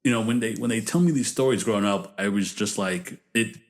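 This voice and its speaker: A man's voice: fairly low pitch, a little fast. A man in his thirties co-hosting a podcast, blunt and casual, telling stories from his childhood. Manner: blunt, tells stories with acted-out quotes. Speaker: podcast co-host.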